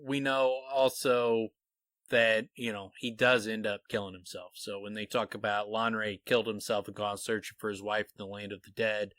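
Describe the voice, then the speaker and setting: Guy on a book podcast, bright voice, dry close mic, walking through his theory. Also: on the low side, dry recording. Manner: animated, explains theories, reads quotes aloud. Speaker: podcast co-host. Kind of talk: casual book discussion.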